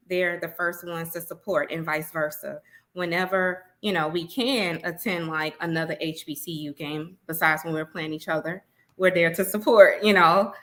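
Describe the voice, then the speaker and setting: Lively woman telling stories. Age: 30s. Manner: animated storyteller, quick bursts with laughter, drops to a low murmur. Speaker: guest, university alumna. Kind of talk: casual interview chat.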